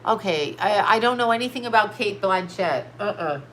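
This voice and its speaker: A woman with a bright, sharp voice and a stuffed-up nose rambles through a casual livestream. She is blunt and scattered, reading out viewer comments as she goes. Faint noise hums under her voice. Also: medium pitch, animated, normal speed. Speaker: psychic livestream host.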